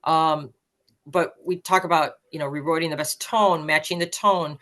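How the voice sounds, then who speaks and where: A woman in her fifties, a band director, explaining her teaching methods in an energetic, emphatic way as a podcast guest. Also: low voice, normal speed. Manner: energetic, emphatic, acts out student voices.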